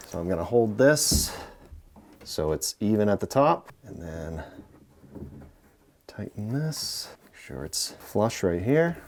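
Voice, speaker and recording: A man hosting a casual how-to, talking relaxed while he works with tools and now and then dropping into mutters. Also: low voice. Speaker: DIY home renovation host. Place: indoor pantry under renovation.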